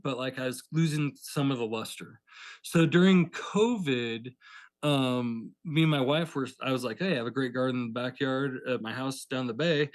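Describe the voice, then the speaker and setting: A pepper farmer appears as a podcast guest, chatting casually in a mid-range male voice at a moderate pace. He rambles, fills every sentence with fillers, and retells old conversations by quoting the dialogue. The sound is dry and close, with no room around it.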